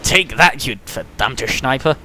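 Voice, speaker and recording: A man giving chatty play-by-play commentary on a strategy game match, getting excited at the big moments. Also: mid-range voice, unhurried, a little hiss or hum.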